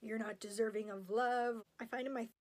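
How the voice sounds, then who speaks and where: Woman in her 30s vlogging, kinda high voice, open and emotional. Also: fairly even intonation, normal speed, a little mellow. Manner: candid, emotional. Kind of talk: personal vlog.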